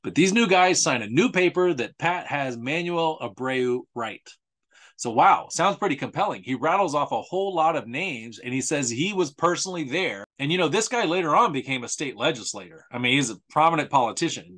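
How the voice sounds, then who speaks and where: Man, mid-pitched voice, casual history talk, sarcastic, repeats for emphasis. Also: lively intonation, brisk, a bit bright. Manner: sarcastic, conversational, with emphatic repetition. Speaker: author presenting a history series. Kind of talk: casual spoken presentation.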